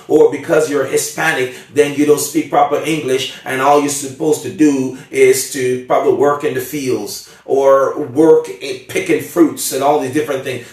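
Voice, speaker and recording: A man giving an emphatic motivational seminar talk, often checking in with his audience. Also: medium pitch. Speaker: motivational speaker. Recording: very echoey room, far from mic.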